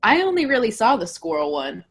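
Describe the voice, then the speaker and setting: A woman in a casual chat who laughs while talking and makes quick asides. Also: on the high side, very animated, breathy edge. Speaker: podcast co-host.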